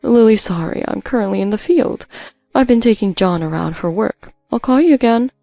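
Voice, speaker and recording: A stern sister talks in a firm, brisk way, raising her voice to scold, as a woman acts her out. Her tone has a gravelly texture at the bottom. The sound is dry and close. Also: fairly high pitch, expressive, warm tone, no echo, faint music behind. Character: stern, scheming older sister, brisk and unsympathetic.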